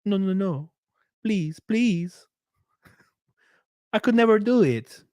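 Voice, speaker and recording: A man's voice: high-pitched, animated, slow, a little mellow, no echo, clean studio sound, voice pushed up. A man putting on the voice of a prissy, coy young woman, whiny and fake-innocent. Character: prissy coy young woman fussing over her figure.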